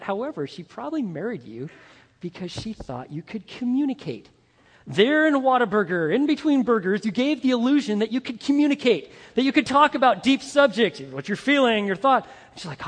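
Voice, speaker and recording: A male pastor preaching a sermon, speaking emphatically and addressing the men in his congregation directly with rhetorical questions. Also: sits high. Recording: long hall reverb.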